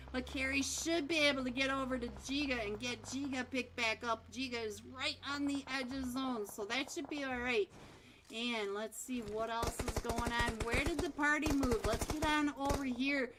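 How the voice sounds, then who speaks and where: A young woman calls a live mobile game match with a high, bright voice and an unhurried pace. She is playful and giggly, talking to her viewers between calls. There is a faint hiss of background noise. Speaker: esports caster.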